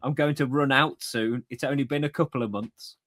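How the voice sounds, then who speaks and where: A man's voice: mid-range voice, fairly even intonation, fairly quick, fairly bright tone. A man co-hosting a podcast, chatting casually and reading out listener comments with easy laughs. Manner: chatty, laughs easily, many fillers. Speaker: podcast co-host.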